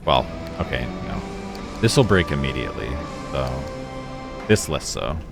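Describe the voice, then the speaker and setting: A man streams a game, reading in-game notes aloud and chatting casually as he plays, with game music in the background. His voice is a low rumble, sing-song and creaky, and he speaks a little slowly.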